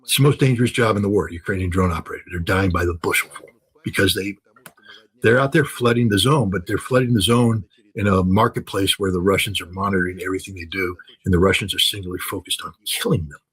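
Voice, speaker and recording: Older man, low husky emphatic voice. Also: fast talker, a bit bright, low-quality recording. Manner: emphatic, repeats phrases for stress, fillers and restarts. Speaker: interview guest, military commentator. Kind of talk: unscripted interview talk.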